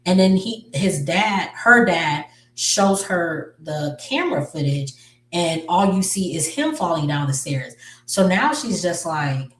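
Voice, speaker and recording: Low-voiced woman rambling a recap. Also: animated, measured pace. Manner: rambling, with many fillers and self-corrections. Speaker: movie recap storyteller. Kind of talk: casual story recap. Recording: roomy, distant mic.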